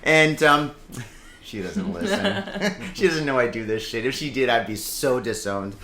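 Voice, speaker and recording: A man's voice: medium pitch, a little slow, a bit bright. A man from Michigan hosting a podcast, chatting casually and joking at his own expense, often laughing. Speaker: podcast host. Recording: roomy echo.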